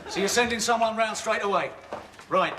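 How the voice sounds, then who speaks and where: A man playing a cool young student with a dry, offhand manner and a high voice. He sounds distant and roomy in a noisy TV sitcom recording. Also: moderate pace, a loud crowd, natural voice. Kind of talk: sitcom acting.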